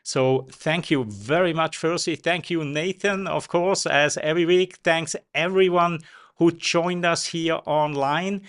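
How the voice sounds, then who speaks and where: Smooth-voiced male host, effusive. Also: on the high side, fairly even intonation, measured pace, fairly bright tone. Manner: effusive, thankful. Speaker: show host. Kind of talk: hosting an interview.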